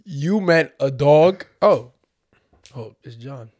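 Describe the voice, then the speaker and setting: A young man co-hosting a podcast, joking and teasing in animated banter. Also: a little high, slow. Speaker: podcast co-host. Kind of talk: casual podcast chat.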